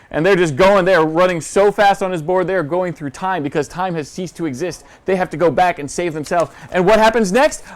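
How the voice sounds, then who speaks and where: A man's voice: high-pitched, brisk, hardly any pauses. A man on a comic book show, animatedly recapping a comic and acting out the characters' lines. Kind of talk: casual chat, recapping a comic.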